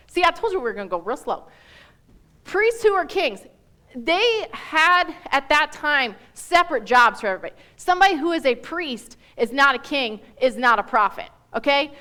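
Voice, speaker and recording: A woman giving a church Bible teaching as guest speaker, talking emphatically in a chatty way that often breaks off mid-thought. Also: high voice. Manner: animated, emphatic, chatty with self-interruptions.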